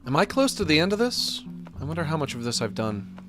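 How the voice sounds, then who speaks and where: A man's voice: fairly high pitch, very animated, brisk, over music. A man streaming a video game, chatting casually and laughing at his own silly voices. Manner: chatty, self-amused, puts on silly accents. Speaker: gameplay streamer. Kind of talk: casual let's-play commentary.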